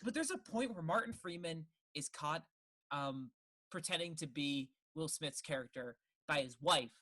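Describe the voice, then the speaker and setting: A young man co-hosts a casual film podcast. His voice is bright and forward. He rambles, swears freely and jumps into exaggerated voices to act out the scenes he describes. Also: on the high side, expressive, moderate pace. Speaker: podcast co-host.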